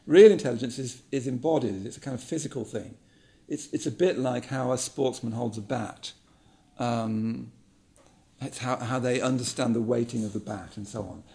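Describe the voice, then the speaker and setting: A man giving a reflective talk, musing aloud, repeating words and pausing with ums. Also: medium pitch, vocal fry, warm tone.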